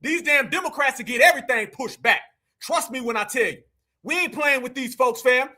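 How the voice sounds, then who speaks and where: Dude going off on a reaction stream, high voice, super bright and sharp, swearing and yelling. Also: male voice, a little fast. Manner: fiery, profane, often shouting. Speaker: political commentator reacting to clips. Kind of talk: heated reaction commentary.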